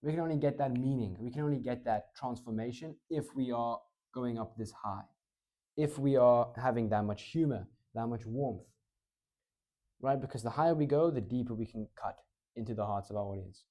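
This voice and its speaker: Wearing a clip-on mic, a man runs an informal lesson on public speaking. His low voice swings from lively to slow and back.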